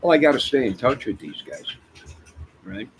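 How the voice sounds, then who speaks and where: A man's voice: mid-range voice, moderate pace, low-quality recording. A man hosting a casual livestream from home, rambling through stories and talking to his chat and his pets. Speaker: livestream host chatting with viewers. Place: home apartment by a fire. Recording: steady background noise.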